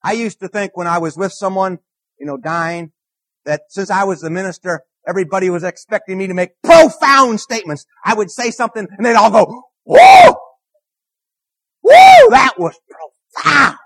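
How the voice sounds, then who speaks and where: A man's voice: high-pitched, a little fast, fairly bright tone, dry recording. A man preaching a conversational sermon as a minister, earnest, repeating key phrases and putting questions to the congregation.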